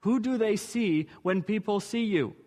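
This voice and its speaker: High-voiced male preacher. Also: a little slow, a little mellow. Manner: earnest, emphatic rhetorical questions. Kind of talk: sermon.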